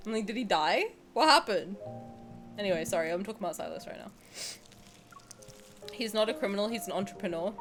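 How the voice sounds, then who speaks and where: A woman's voice: mid-range voice, animated, a little fast, pauses often, music in the background. A young woman streamer chatting casually and candidly while she plays a game, joking and swearing freely. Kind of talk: casual live-stream chat while gaming.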